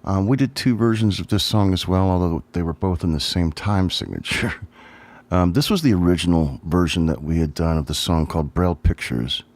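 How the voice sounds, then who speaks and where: Deep-voiced man reminiscing with many ums. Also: fairly quick, darkish tone. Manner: rambling, reminiscent, thinks aloud with many ums. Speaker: drummer looking back on his old band. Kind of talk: casual solo livestream talk.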